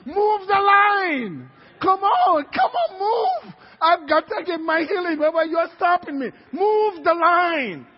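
A preacher voicing an impatient sick man who whines and shouts while stuck waiting in a long line. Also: extremely high pitch, big pitch swings, takes it slowly, few pauses, voice pushed up, heavily acted. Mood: impatient whining. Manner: whiny, pleading, shouting. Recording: reverberant hall, dull sound.

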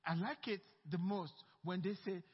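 Husky high-pitched male pastor preaching hard, muffled audio, long church echo. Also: normal speed. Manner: animated, emphatic preaching with call-outs for amen. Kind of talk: sermon. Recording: muffled recording with long hall reverb.

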